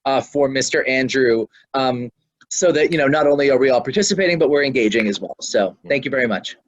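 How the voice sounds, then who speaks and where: A man's voice: medium pitch, muffled recording. A man hosting an online session over a video call, speaking apologetically with light jokes. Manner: apologetic, joking, rapid. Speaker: program host.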